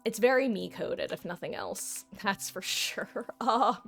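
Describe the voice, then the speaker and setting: A woman's voice: medium pitch, animated, a little slow, gravelly, fairly bright tone, faint music behind. A woman streaming a video game, chatting casually with her viewers in a dramatic, talkative way as she plays. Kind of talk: casual gameplay commentary.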